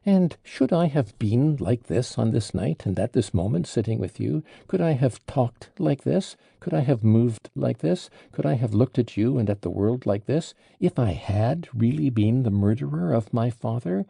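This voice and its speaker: A man's voice: mid-range voice, lively intonation, normal speed, creaky, hardly any pauses, mellow, husky, no room sound, studio quality, voice pushed up. A man reading an audiobook, voicing an agitated, proud young man under arrest in impassioned, indignant outbursts.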